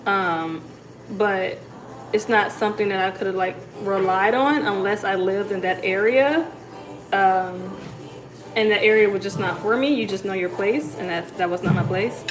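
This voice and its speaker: A woman's voice: mid-range voice, a little slow, roomy sound, rough recording. Chatty woman hosting a livestream. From United States. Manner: chatty, storytelling, reads comments aloud. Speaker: livestream host. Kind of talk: casual live chat.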